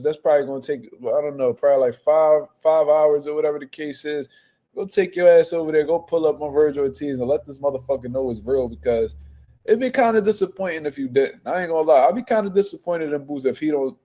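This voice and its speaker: A young man hosting casual boxing reaction commentary, profane and animated. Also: fairly high pitch. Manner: profane, animated trash talk.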